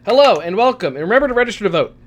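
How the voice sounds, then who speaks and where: A man's voice: high voice, big pitch swings, rapid-fire, noisy background. A young man hosting a casual group podcast, joking, swearing and laughing often. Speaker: podcast host.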